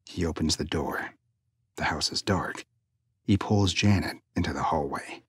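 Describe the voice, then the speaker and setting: A suspense story is narrated by a man whose hushed, breathy delivery sinks near a whisper, a little slow. His low tone has a bright, forward edge, and the recording is close and dry.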